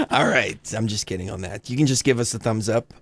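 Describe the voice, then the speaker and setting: A man co-hosting a casual live stream, joking with chat, laughing often and reading a document aloud haltingly. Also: mid-range voice, wildly swooping pitch, gravelly, a bit bright, slight background noise. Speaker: livestream co-host.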